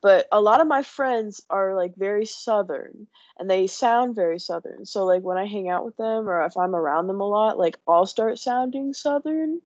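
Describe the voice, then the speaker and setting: A woman from the Southeastern US in friendly casual chat, quick to react to what others say. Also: medium pitch, a little mellow, no room sound, dull audio.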